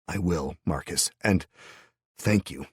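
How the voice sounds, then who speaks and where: Give me a man doing a wry, reassuring young hero in an audiobook, low and husky. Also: takes it slowly, dry recording, studio quality, full character voice.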